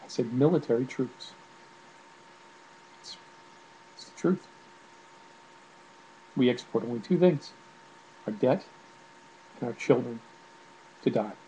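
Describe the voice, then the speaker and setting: A man talks straight to camera from home in a mellow, mid-pitched voice. He rants with irritation, stumbling through fillers and restarts. A faint hiss sits under the recording. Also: expressive, slow, pauses often, low-quality recording. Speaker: video blogger. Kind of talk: casual spoken commentary to camera.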